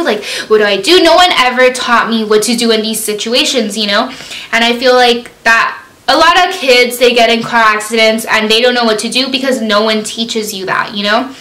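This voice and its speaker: Young woman vlogger, storytime. Chatty, filler-heavy, bright and higher voice, echoey room. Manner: chatty, full of fillers, reenacts her own panicked quotes. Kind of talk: storytime vlog.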